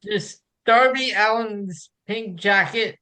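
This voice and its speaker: Bright, high-voiced wry man. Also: slow pace, smooth. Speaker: podcast co-host. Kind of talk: casual wrestling chat.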